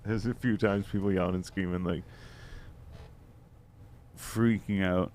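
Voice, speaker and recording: A man's voice: low-pitched, steady tone, measured pace, a little mellow, a little hiss or hum. A man co-hosting a podcast, telling a long story in a rambling way, full of fillers and swearing. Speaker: podcast co-host. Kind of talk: casual storytelling chat.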